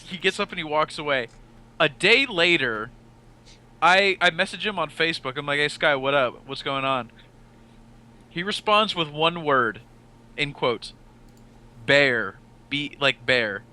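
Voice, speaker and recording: A man's voice: on the high side, animated, unhurried, long pauses, bright, forceful tone. A man hosting a casual podcast, telling a long anecdote and acting out the quoted lines. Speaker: podcast host.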